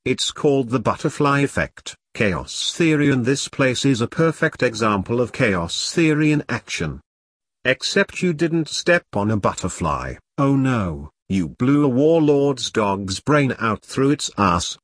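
Man voicing army captain, stern, commanding, husky tone, dry sound. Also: medium pitch, big pitch swings, unhurried, a bit bright, no room sound. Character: gruff male army captain, stern but caring.

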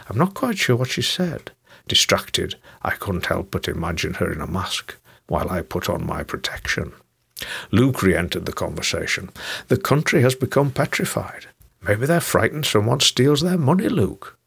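A man's voice: medium pitch, sing-song, measured pace, creaky, a bit bright, husky. A man reading his own scripted political commentary in a sardonic, mocking manner.

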